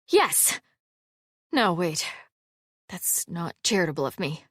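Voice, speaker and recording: A woman's voice: lowish voice, very animated, slow pace, dry recording, studio quality, heavily acted. A woman reading an audiobook and voicing a frank, wry young housekeeper heroine.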